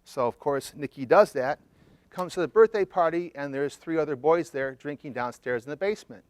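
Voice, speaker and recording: A man's voice: fairly high pitch, moderate pace, no echo. A man, a therapist, presenting a case study to an audience in a conversational storytelling way, checking in with listeners as he goes.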